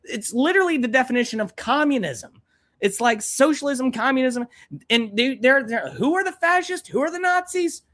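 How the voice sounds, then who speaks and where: A young man hosting a live stream reacts to a clip in a very high, animated, fairly bright voice at moderate pace. His pitch swings up and down as he rants angrily and bluntly, swearing freely.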